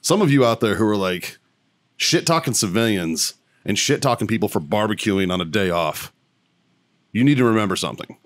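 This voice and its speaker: A man's voice: fairly low pitch, expressive, brisk, dry recording. A middle-aged man co-hosting a podcast, delivering a blunt, heavily profane rant with strong emphasis. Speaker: podcast co-host.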